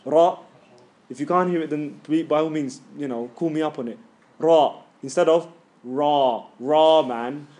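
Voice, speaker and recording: A man teaching a tajweed class, joking with students and loudly demonstrating sounds. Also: on the high side, steady tone, moderate pace. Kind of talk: classroom lesson.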